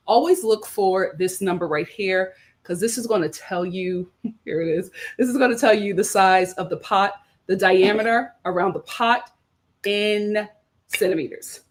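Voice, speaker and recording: American woman, casual livestream host, upbeat and talkative, rambling asides. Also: medium pitch. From United States. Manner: chatty, upbeat, lots of fillers and asides. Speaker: lifestyle streamer.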